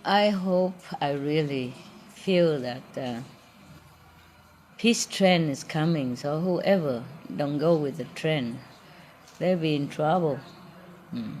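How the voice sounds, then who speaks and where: A woman's voice: lowish voice, darkish tone, a little hiss or hum. A woman, a spiritual teacher, talking casually with her audience in a playful, teasing way and laughing often. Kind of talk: informal talk with an audience.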